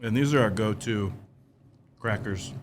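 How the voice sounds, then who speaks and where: A man's voice: fairly low pitch, a little slow. Man, charcuterie maker, easygoing explainer, casual talk, slight noise under the voice. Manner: relaxed, friendly explaining with many restarts. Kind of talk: casual conversation.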